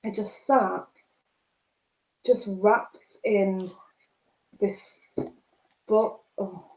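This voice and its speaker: A woman's voice: mid-range voice, fairly even intonation, very slow, a little mellow. A woman with a Mancunian accent, hosting a book club video chat, gushing and emotional as she rambles. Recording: roomy echo.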